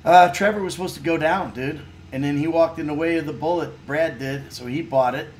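Playing a game on stream, this middle-aged man sounds relaxed and talkative as he jokes, reads comments from viewers, and laughs and curses without restraint. He is an actor whose fairly quick voice sits on the high side and is a little mellow, with slight background noise.

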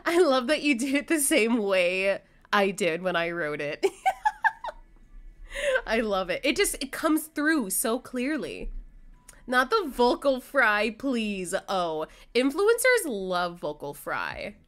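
Chatty young woman streamer, lively pitch. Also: takes it slowly. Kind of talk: casual gameplay chat. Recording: faint game music behind.

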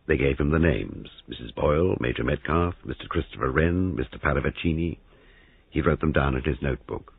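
A man narrating a mystery audiobook in a low, husky voice, with lively, animated inflection. The recording is dry and band-limited, almost like a phone line. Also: moderate pace, no room sound. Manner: animated storytelling. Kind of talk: reading a mystery novel aloud.

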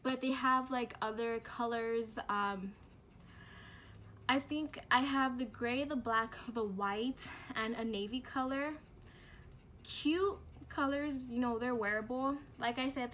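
A woman's voice: a little high, sharp tone, a little hiss or hum. A young woman reviewing products in a casual home vlog, bubbly and chatty with slang and fillers. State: out of breath from heat. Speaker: beauty and lifestyle vlogger.

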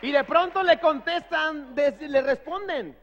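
A male pastor preaches in short phrases, leaving room for his interpreter, and tells stories in a lively way. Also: very high-pitched, normal speed, some chatter behind, slight background noise. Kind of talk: sermon preached through an interpreter. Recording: reverberant dull sanctuary audio.

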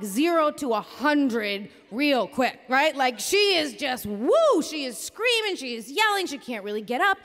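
High bright woman telling a funny blunt story on stage, echoey hall. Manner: animated, comic, blunt and profane. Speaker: storyteller and host. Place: theater stage before a live audience. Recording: reverberant live theater hall.

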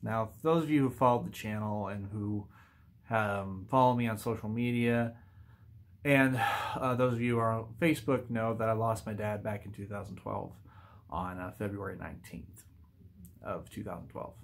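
Earnest halting man in his thirties. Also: fairly low pitch, fairly even intonation, gravelly. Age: 30s. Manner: halting, earnest, many fillers and restarts. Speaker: YouTuber. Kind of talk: casual heartfelt vlog talk.

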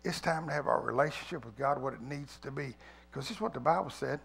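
A man preaching an Easter sermon as pastor, swinging from loud appeals to quiet pleading. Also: medium pitch, fast, vocal fry, a little hiss or hum. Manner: preaching, rising loud then dropping to a hush; reads a poem aloud with feeling. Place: church sanctuary.

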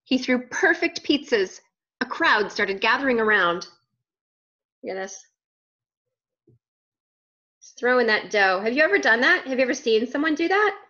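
A woman reading a children's picture book aloud, pausing for playful questions to young listeners. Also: on the high side, animated, bright, forceful tone, dull audio.

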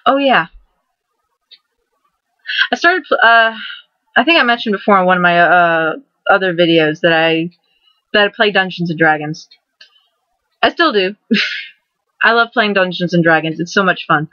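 A woman in her twenties hosting a casual vlog, rambling excitedly and restarting her words as she goes. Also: on the low side, normal speed, long pauses, no echo. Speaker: vlogger host. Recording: dull lo-fi dry recording.

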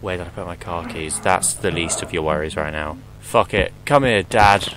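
A young man's low voice moves at a moderate pace as he casually comments on a horror game. His commentary is full of jokes, swearing, and jumpy exclamations at every scare. Background noise can be heard.

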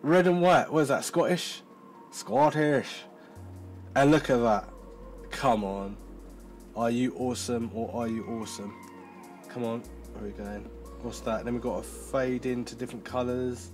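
A man reviewing tech in a casual demo, chatty and excitable, thinking aloud as he goes. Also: medium pitch, normal speed, music in the background.

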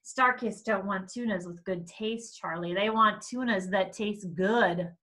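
A woman's voice: mid-range voice, measured pace, bright, forceful tone. Woman doing a jeering teen bully. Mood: mocking. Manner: mocking, jeering. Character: taunting teenage boy bully.

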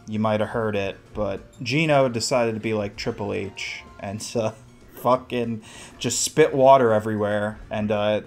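A young man hosts a solo gameplay commentary with a mid-range voice. He swears freely, pokes fun at himself and shouts at the game. Faint game music plays underneath. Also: medium pitch. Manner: profane, self-mocking, shouts at the game. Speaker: gaming podcast host. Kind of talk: casual solo let's play commentary.

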